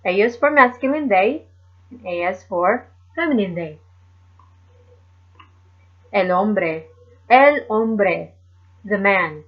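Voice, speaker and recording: A woman teaching a language lesson slowly and carefully, repeating each word for learners. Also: medium pitch, expressive. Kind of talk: slow explanatory lesson. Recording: dull lo-fi sound.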